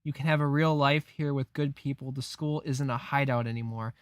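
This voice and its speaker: Earnest young woman saying goodbye, as a man reads her, slow deliberate reading, comic reading. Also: medium pitch, fairly even intonation, dry recording, clean studio sound, lightly acted. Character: determined young woman leaving her little brother.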